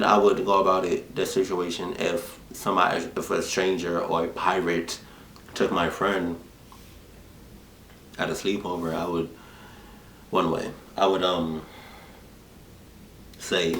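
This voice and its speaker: A man's voice: deep voice, fairly even intonation, measured pace, long pauses, a bit bright. A man hosting a reaction video, rambling casually and profanely with many restarts. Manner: rambling, profane, full of restarts and repeated words. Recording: echoey room with faint room noise.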